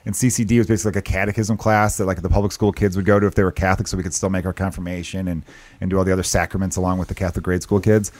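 Fast-talking crude man from Chicago. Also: sits low, level tone, a little mellow, no echo. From Chicago, United States. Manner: rambling, crude, laughs often. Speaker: podcast guest. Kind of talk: casual podcast chat.

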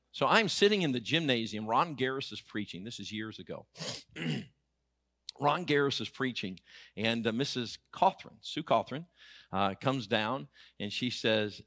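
A man's voice: medium pitch, a little slow, no echo, clean studio sound. A middle-aged man, preaching a sermon in an auditorium through humorous, emphatic personal stories. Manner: animated, humorous, emphatic storytelling. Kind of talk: storytelling sermon.

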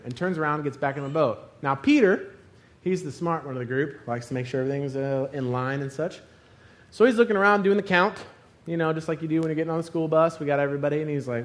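A man preaching a sermon, retelling a story with lively humor and putting on funny voices for the characters. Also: on the high side, quick pace.

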